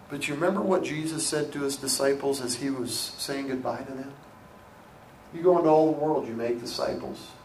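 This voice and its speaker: A man's voice: mid-range voice, a little hiss or hum. Emphatic preacher man in a roomy church. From United States. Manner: emphatic, repeating phrases, swings between loud and hushed. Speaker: pastor. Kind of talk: sermon. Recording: roomy sound from a distant mic with faint ambience.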